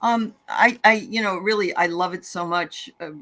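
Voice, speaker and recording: A woman's voice: medium pitch, normal speed, pushed and bright. A woman on a live tarot stream, chatting casually and rambling a little with enthusiasm. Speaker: tarot reader and guest host. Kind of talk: casual chat.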